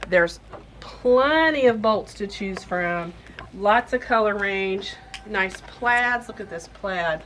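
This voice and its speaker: A woman's voice: mid-range voice, a bit bright, a little hiss or hum. A woman hosting a casual product showcase in a fabric shop, chatty and gushing with enthusiasm. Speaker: quilt shop host.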